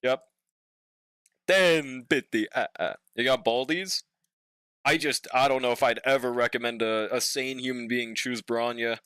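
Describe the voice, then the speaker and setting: A man's voice: mid-range voice, fairly even intonation, normal speed, a bit bright, smooth, no room sound, studio quality. A man streaming a game and chatting casually with his viewers, laid-back and slangy, swearing now and then and humming while he waits. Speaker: streamer reading chat. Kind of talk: casual live-stream chat while playing.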